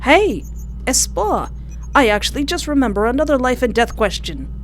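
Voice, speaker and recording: A woman's voice: a little high, expressive, normal speed, slight background noise, close to an everyday voice. A woman doing a stilted, eager space recruit. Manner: stilted, oddly worded, demanding. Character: eccentric, blunt young space crew recruit.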